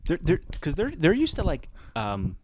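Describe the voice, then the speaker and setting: A man hosting a podcast, telling a lively casual story about the class he teaches, laughing often and acting out the voices of the people he quotes. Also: on the high side, moderate pace, husky, no room sound, clean studio sound. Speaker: podcast host.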